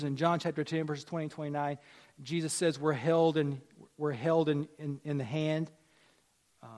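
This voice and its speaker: A man's voice: on the high side, a little mellow. A man in his forties preaching a sermon in a conversational way, repeating phrases and rising for emphasis. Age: 40s. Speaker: pastor.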